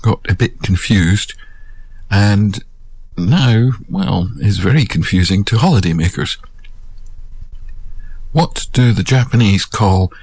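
A man explaining words in a relaxed, wry way, with playful mock puzzlement. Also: deep voice, slightly rough. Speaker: presenter explaining loanwords. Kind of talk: informal explainer narration.

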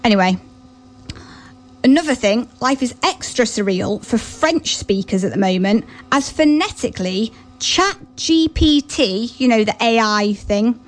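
A woman hosting a radio show, chatting casually and rambling between songs. She sounds nervous and excited, with giggles. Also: a little high. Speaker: radio host.

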